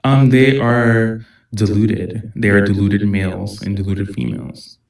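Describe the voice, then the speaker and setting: Gravelly distant male caller. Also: fairly low pitch, little pitch movement, measured pace, a little mellow. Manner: hesitant, many ums, defensive. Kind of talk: casual debate call-in. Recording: distant echoey call audio.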